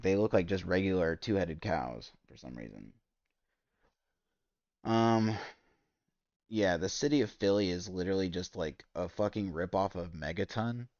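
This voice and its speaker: A man streaming a game, ranting in exasperated, profane commentary that spikes loud and high. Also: dry recording, dull audio. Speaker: gaming streamer. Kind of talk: ranting commentary while gaming.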